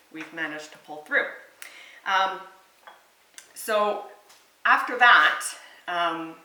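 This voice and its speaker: A woman's voice: on the low side, sharp tone, reverberant, far from the mic, slight background noise, low-quality recording. A woman in her thirties, a home cook and mother, talking through her cooking in a chatty, earnest vlog with lots of fillers. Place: home kitchen and backyard grill.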